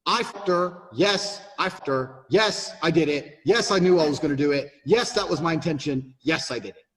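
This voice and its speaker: A man's voice: on the high side, normal speed, fairly bright tone. A man speaking as an interview guest, blunt, emphatic and profane. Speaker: interview guest giving advice to men. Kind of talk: podcast interview talk. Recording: roomy echo.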